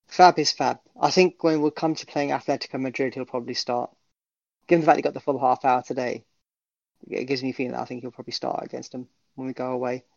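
A man co-hosting a football podcast, talking in an animated, jokey way and swearing freely. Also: a little high, vocal fry, no room sound. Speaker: podcast co-host. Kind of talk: casual football call-in chat. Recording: dull dry podcast audio.

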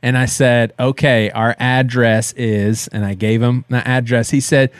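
A man in his thirties co-hosting a podcast, telling a story in a casual, animated way and laughing as he goes. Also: medium pitch, measured pace, no room sound. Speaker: podcast co-host.

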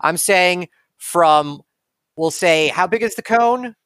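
Guy running a tabletop game, kinda high voice, dry close sound, laid-back. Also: slow pace, a bit bright, no echo. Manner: casual, laid-back rulings. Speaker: game master.

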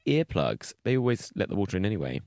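A man from England co-hosting a podcast, chatting playfully and giggling, swinging between loud and soft. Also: fairly low pitch, sing-song, fast talker, no room sound, clean studio sound. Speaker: podcast co-host. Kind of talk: casual comedic chat.

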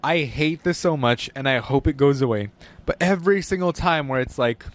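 A man's voice: mid-range voice, normal speed. A young man in casual chat, ranting and mocking with profanity, acting out scenes in silly voices.

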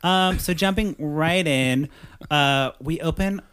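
A man hosting a podcast in casual chat, upbeat and chatty with quick asides. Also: a little high, a bit bright, smooth. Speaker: podcast host.

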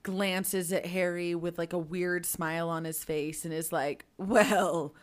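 A woman's voice: fairly low pitch, flat delivery, clean tone. Young woman, podcast co-host, enthusiastic and laughing, casual. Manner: enthusiastic, laughs often, quick reactions. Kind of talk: casual book discussion.

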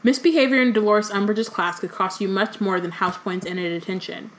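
A woman reading aloud as a stern older witch teacher who speaks briskly. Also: mid-range voice, lightly acted.

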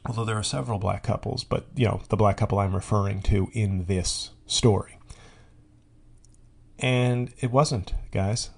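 The man hosting this podcast speaks in a fairly low, creaky voice with a darkish tone. He rambles through a funny monologue crowded with tangents, fillers, and restarts.

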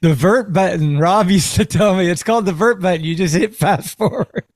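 A relaxed male podcast host who agrees easily and laughs along, his voice a touch high. He speaks into a dry, close mic. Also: normal speed, no echo. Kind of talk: casual chat.

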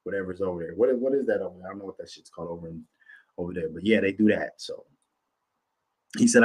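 A man's voice: sits low, fast, pauses often, darkish tone, breathy edge. A man hosting a podcast, ranting casually with lots of profanity and emphatic repetition. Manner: profane, emphatic, repeats himself. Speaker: podcast host.

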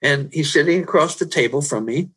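A man who works as a personal growth trainer, telling stories in an interview, animated and rising loud at the dramatic moments. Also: on the high side, a little fast, breathy edge. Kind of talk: storytelling in an interview.

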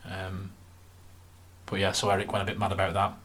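Low-voiced man listing names casually. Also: completely flat delivery, brisk, a bit bright. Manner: reels off lists of names with fillers. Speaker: podcast co-host. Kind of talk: casual football podcast chat.

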